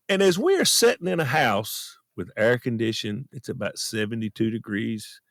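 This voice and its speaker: Lively-voiced man in a dead closet. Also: medium pitch, moderate pace, dry recording. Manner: earnest, folksy, self-deprecating. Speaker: podcast host. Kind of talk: personal storytelling monologue. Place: friend's closet at home.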